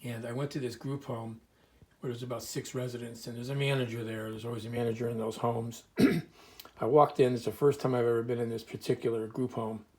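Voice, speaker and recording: A man speaks at an ordinary middle pitch, telling stories in an earnest, rambling way and clearing his throat now and then. He talks casually to the camera from inside a small museum room. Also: fairly even intonation, fairly quick, darkish tone.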